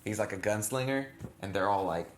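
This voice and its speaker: A man's voice: lowish voice, brisk, a little hiss or hum. A man co-hosting a casual reaction chat, rambling with lots of fillers and self-corrections. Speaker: channel co-host. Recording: echoey room.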